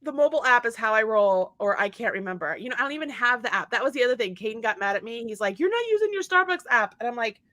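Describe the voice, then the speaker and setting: A woman in her forties with a bright, forceful voice, telling family stories in a casual chat. She acts out each person's lines as she goes. The sound is dry and close. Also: a little high, quick pace, hardly any pauses, no room sound. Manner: animated storyteller acting out quotes. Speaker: host.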